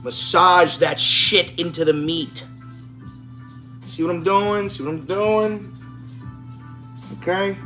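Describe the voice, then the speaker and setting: A man's voice: sits high, fairly even intonation, takes it slowly, pauses often, sharp tone. A man chatting casually to camera while cooking in his home kitchen, swearing freely and joking in a brash, chatty way. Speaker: home cook vlogger. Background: music.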